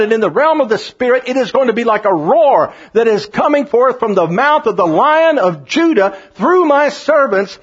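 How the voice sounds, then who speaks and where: A man's voice: very high voice, slightly rough, highs cut off. A man preaching a sermon, reading scripture and building fervent, repetitive appeals to his listeners. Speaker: pastor.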